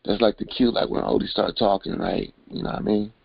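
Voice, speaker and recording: A man's voice: on the low side, fairly even intonation, fairly quick, creaky, husky, no echo. A man hosting a podcast in casual chat, blunt and profane as he vents. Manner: blunt, profane, venting loudly. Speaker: podcast host. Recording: dull, dry lo-fi sound.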